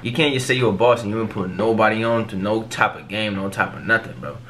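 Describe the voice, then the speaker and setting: A man's voice: lowish voice, quick pace. A young man hosting a music reaction video, talking in casual, profane street slang and cutting in over the song.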